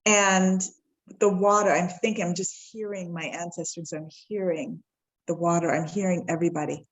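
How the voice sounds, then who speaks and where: A woman in her forties, a podcast guest telling a personal story in a heartfelt, reflective way. She acts out the dialogue with quick shifts in tone and slows down at the key moments. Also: on the low side, steady tone, poor audio.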